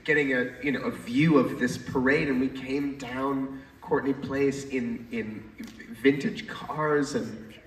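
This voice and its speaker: A man's voice: mid-range voice, steady tone, slow. A man chatting as a panel guest, joking and swearing casually. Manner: jokey, swears casually, hosts the questions. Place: large convention hall. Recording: echoey hall, distant mic, noise.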